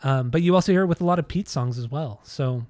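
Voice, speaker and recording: A man's voice: medium pitch, quick pace, darkish tone, dry recording, studio quality. An American man co-hosting a podcast in casual chat, rambling and trailing off when unsure. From United States. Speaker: podcast co-host.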